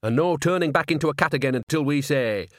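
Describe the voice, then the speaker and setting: A man's voice: a little high, quick pace, dry recording, studio quality, voice pushed up, close to an everyday voice. A man reading an audiobook, voicing a cheerful, bossy old woman witch who scolds in a motherly, coaxing way.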